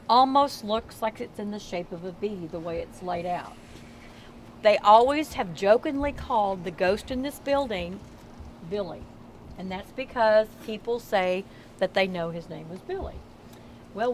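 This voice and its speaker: A chatty middle-aged woman with a Southern Texas accent tells ghost stories on a night-time walking tour, raising her voice so the group can hear. Her voice sits a little high. Faint street noise runs under the recording from a tour member's camera. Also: poor audio. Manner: chatty, folksy, projects to a crowd. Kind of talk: storytelling tour talk to a crowd. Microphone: camera held by a tour member.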